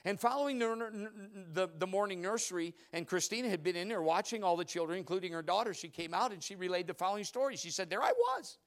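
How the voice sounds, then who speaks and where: A middle-aged man preaching a sermon, telling stories with loud outbursts and hushed asides. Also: sits high, quick pace, hardly any pauses. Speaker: pastor.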